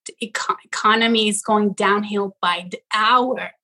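A middle-aged woman from Iran, a social media creator talking in an interview in an animated way and checking in with the listener as she goes. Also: medium pitch, low-quality recording. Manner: animated, talks in quick bursts and often checks in with "right?". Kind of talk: casual interview chat.

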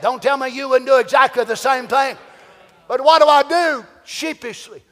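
A man preaching a sermon to a church congregation, animated and firing rhetorical questions. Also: very high-pitched, normal speed, long pauses, a faint crowd. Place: church sanctuary. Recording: long church-hall reverb.

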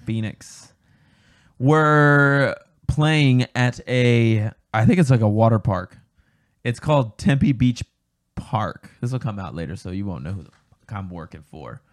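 Young dude cohosting a chill podcast, cracking jokes and swearing, mid pitch. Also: male voice, measured pace. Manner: joking, swearing, excitable. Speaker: podcast co-host. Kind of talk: casual chat.

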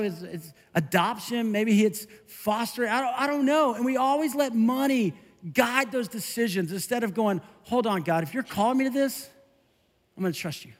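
A middle-aged male pastor preaching a conversational, animated sermon. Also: sits high, big-room sound. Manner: conversational, animated, self-interrupting with laughs.

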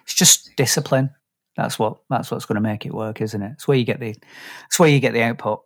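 Man, mid-pitched voice, easygoing podcast co-host, casual chat. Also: brisk. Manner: easygoing, leads the wrap-up.

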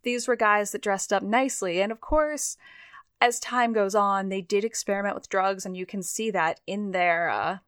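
A young woman co-hosting a podcast in casual chat. She talks at an easy middle pitch and often restarts her sentences with a self-deprecating aside. The recording is close and dry. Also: normal speed, a bit bright, clean tone, dry recording. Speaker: podcast co-host.

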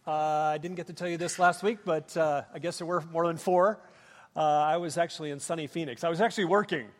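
High-voiced Minnesotan pastor, folksy. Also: male voice, steady tone, brisk. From Minnesota, USA. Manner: folksy storytelling with humor and many fillers. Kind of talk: sermon. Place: church sanctuary. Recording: long reverb of a large hall.

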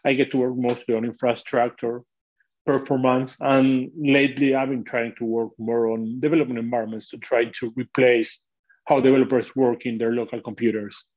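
A man's voice: medium pitch, flat delivery, normal speed, darkish tone. Man explaining tech, dull lo-fi sound. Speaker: guest, product manager. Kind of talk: technical interview explanation.

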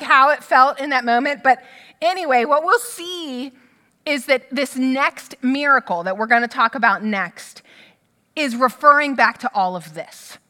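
Woman, sermon, conversational and animated, bright tone, long church-hall reverb. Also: fairly high pitch. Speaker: preacher.

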